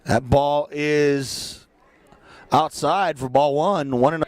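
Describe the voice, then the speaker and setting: A man doing play-by-play for a local baseball game, chatty and joking between pitches. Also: steady tone, takes it slowly, dry recording. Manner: joking, chatty, breaks into silly asides. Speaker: play-by-play announcer.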